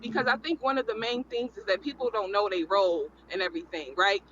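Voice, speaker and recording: A man's voice: high voice, quick pace, highs cut off, noisy background. A man in a casual panel chat, talking in a rambling, emphatic way and repeating his points.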